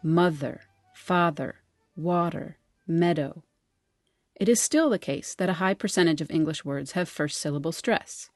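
A woman with an American accent, a linguist and editor, giving a measured, scripted explainer narration. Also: sits low, animated, soft background music.

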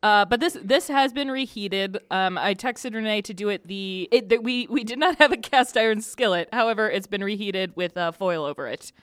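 A woman's voice: mid-range voice, normal speed, hardly any pauses, a bit bright, smooth, no echo, studio quality. A woman hosting a casual chat, upbeat as she leads a food tasting. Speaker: host.

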